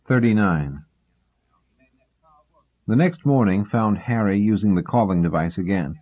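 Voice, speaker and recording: A man narrating an audiobook in a husky voice with a measured, steady reading. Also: lowish voice. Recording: tinny phone-like sound.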